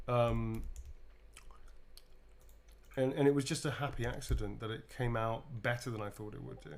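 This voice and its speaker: A man's voice: medium pitch, fairly even intonation, moderate pace, creaky, long pauses. A middle-aged man from England chatting casually while signing autographs, laughing often and swearing freely. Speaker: actor signing autographs on a livestream. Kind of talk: casual chat.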